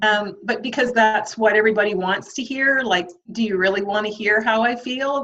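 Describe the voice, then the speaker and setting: A woman's voice: mid-range voice, moderate pace, few pauses, fairly bright tone, muffled recording. A woman guest on a podcast interview, speaking candidly and reflectively, with frequent ums and light laughter.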